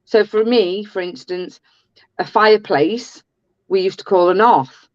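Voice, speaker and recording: A woman's voice: medium pitch, measured pace, dry recording, highs cut off. A woman from the English Midlands with a Midlands accent, chatting and telling stories in a jokey way. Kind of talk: casual chat.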